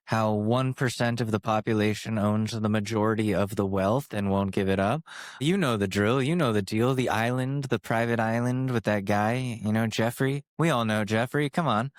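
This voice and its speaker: Talking into a studio microphone with a compressor, a twenty-something podcast host delivers a casual solo monologue full of sarcasm, tangents, and profanity. His voice is mid-range, and there's no room sound.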